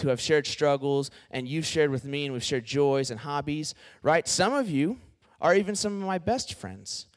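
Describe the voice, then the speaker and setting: A man preaching a casual youth sermon, joking and acting out quoted friends. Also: fairly high pitch.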